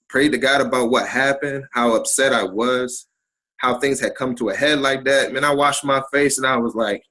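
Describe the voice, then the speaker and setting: A middle-aged man, a guest on an interview podcast, telling a personal story in an animated way and acting out the people in it. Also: mid-range voice, rough recording.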